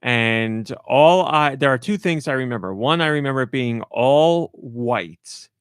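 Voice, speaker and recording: A man hosting a podcast in casual chat, telling a story and acting out his own reactions with lively energy. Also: mid-range voice, a little slow, clean tone, dry recording, studio quality. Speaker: podcast host.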